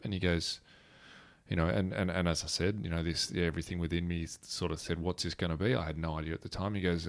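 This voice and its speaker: A man's voice: deep voice, fairly even intonation, quick pace, creaky. An Australian man in his thirties, telling a story in a rambling way with restarts and fillers. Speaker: guest speaker. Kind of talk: conversational storytelling.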